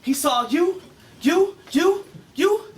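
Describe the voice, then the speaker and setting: A man's voice: extremely high pitch, animated, slow pace. A man performing Christian battle rap live before an audience, with a rhythmic, preachy, punchline-driven delivery. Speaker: battle rapper.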